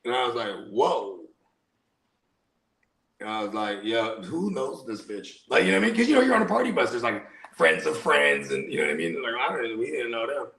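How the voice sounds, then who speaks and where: A man telling stories in a casual podcast chat, animated and slangy, sometimes breaking into loud shouts. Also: mid-range voice, very fast, creaky, few pauses. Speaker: podcast co-host.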